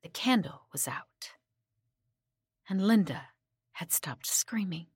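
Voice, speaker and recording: A woman narrating a horror story in a hushed voice that sinks to whispers at tense moments. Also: mid-range voice, animated, slow pace, husky, no room sound, clean studio sound.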